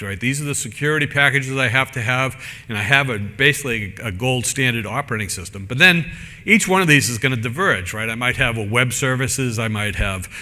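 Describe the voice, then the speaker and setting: Man, conference speaker, very bright voice, casual and rambling, long hall reverb. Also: mid-range voice. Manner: casual, rambling, with many fillers and restarts. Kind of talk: technical conference talk. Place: conference room.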